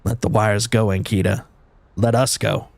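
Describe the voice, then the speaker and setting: A man's voice: lowish voice, little pitch movement, moderate pace, vocal fry, dry recording. A man voicing a shaky, desperate man who pleads and justifies himself in a video game. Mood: pleading.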